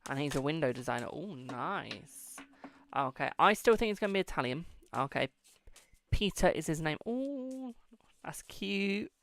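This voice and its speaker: A man's voice: a little high, animated, normal speed, gravelly, a bit bright. A British man hosting a live-stream tarot reading, chatty and affectionate, calling viewers darling and boo.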